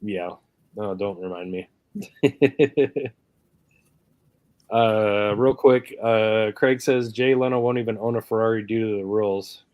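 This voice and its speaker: Low-voiced laughing stream host. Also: male voice, takes it slowly, no echo, narrow, tinny audio. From Canada. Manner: laughs often, reads chat comments aloud. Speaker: livestream host. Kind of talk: casual live chat.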